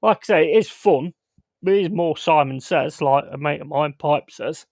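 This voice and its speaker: A man's voice: on the high side, normal speed, gravelly, a little mellow, no room sound. A man hosting a casual livestream, talking bluntly and with plenty of swearing. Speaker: streamer host. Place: home.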